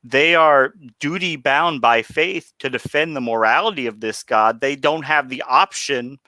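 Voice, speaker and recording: A man's voice: mid-range voice, measured pace, sharp tone, dry recording. A man co-hosting a casual podcast chat, sarcastic and argumentative. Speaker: podcast co-host.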